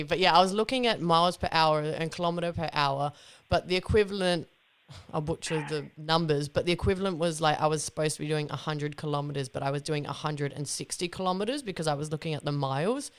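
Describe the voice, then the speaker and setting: A woman's voice: on the low side, a bit bright, clear, resonant tone. Laughing young woman podcast host. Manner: laughing, swearing storyteller. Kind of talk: casual chat.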